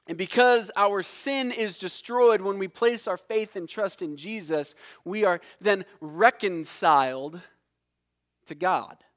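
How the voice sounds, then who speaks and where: A man preaching a sermon in a fairly high voice, taking his time over each phrase. He explains the meaning of words with emphasis and lets key words fall low and quiet. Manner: explains word meanings slowly and deliberately. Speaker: pastor.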